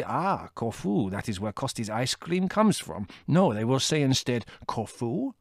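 A theatrical café owner who wails out his woes in slow, drawn-out phrases, as a male narrator puts him on. His rides a high, swooping pitch. The recording is close and dry. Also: no echo. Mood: despairing. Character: melodramatic Greek male café owner, despairing.

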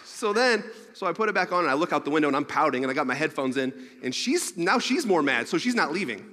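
Guy preaching, telling a goofy story, kinda high bright voice, lots of hall echo. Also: quick pace. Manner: animated, rambling, laughs through his own story. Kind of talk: storytelling sermon to an audience. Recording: long reverb of a large hall.

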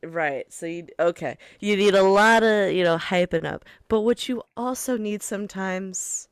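A playful woman co-hosts a podcast, improvising with giggles and rambling asides. Her voice is smooth and clear. It is recorded dry, close to a studio mic. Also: medium pitch, unhurried, no room sound. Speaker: podcast co-host. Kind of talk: casual improv chat.

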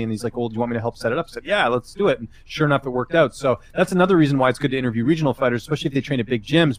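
A man's voice: medium pitch, no echo. A man who works as a fight-sport journalist, a guest on a podcast, chatting casually and telling rambling stories full of filler words. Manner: rambling, filler-heavy storytelling with advice.

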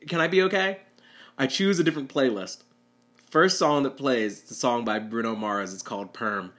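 A man's voice: mid-range voice, normal speed, a bit bright. A young man, a rideshare driver, telling a rambling, self-deprecating story with nervous laughs. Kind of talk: storytelling monologue.

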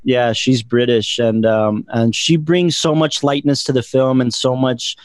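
A man's voice: medium pitch, steady tone, unhurried, dry recording. A man hosting a casual film podcast, eagerly retelling his favorite scenes. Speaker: podcast host. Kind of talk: casual film review chat.

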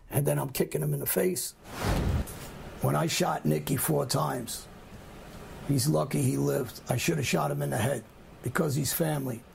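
A man's voice: medium pitch, creaky, darkish tone, breathy edge. A middle-aged man telling a story in a blunt, profane way and acting out the lines he quotes. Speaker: guest telling a crime story. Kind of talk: casual storytelling.

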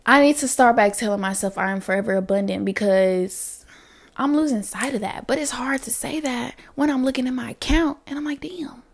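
A woman's voice: on the high side, a little fast. A woman hosting a casual solo podcast, chatty, repeating affirmations with emphasis. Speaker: podcast host.

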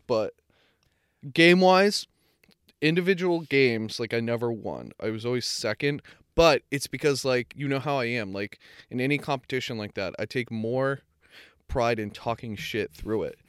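Young male podcast co-host, smooth and clear in a dry room, rambling and self-correcting, swears freely. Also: medium pitch, normal speed, no room sound. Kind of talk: casual chat.

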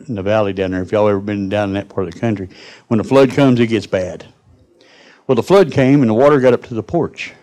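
A man's voice: lowish voice, darkish tone. A man preaching a folksy sermon to his congregation in church. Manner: folksy, addresses the congregation directly. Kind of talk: sermon storytelling.

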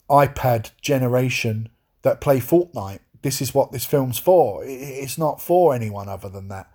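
A man's voice: medium pitch, dark tone. A man hosting a podcast, giving an exasperated, swear-filled review in a casual ranting style, often restarting his sentences. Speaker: podcast host reviewing a film.

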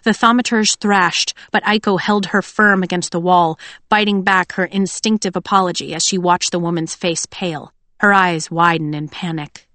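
Woman audiobook narrator, low voice, dry close recording, expressive read. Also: moderate pace, no echo. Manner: expressive storytelling. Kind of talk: scripted narration.

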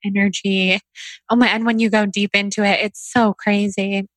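A woman hosting a podcast in casual interview chat, effusive and quick to gush praise. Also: medium pitch, flat delivery, no echo. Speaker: podcast host.

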